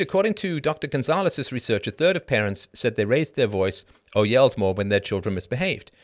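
A middle-aged man hosting a live show, reading an article aloud and breaking off into sarcastic, emphatic commentary whose pitch climbs sharply when he gets indignant. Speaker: podcast host.

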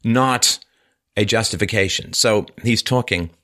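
This is a man hosting a loose, talky book discussion who wanders through his thoughts with restarts and fillers. His voice is bright and forceful, and he grows animated as he goes. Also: on the low side, a little slow. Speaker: podcast host. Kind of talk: casual literary discussion.

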